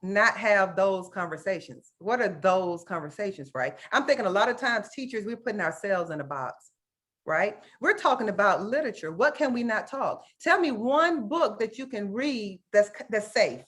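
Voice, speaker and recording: A woman with a mid-range, somewhat bright voice and lively intonation presents at an online conference at a moderate pace. Teaching an earnest, emotional workshop via video call, she often says "right?" and calls everyone "guys."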